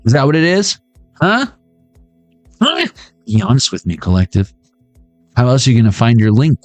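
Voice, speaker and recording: A man's voice: wildly swooping pitch, moderate pace, no room sound, soft background music. Jokey man riffing through a tarot reading. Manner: riffing, jokey, jumps into squeaky high voices. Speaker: tarot reader. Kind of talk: comedic tarot reading monologue.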